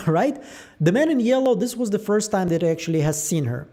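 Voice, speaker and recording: High-voiced man musing over show theories. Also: a little fast. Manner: musing aloud, animated, trailing fillers. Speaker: show theory channel host. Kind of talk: casual theory breakdown.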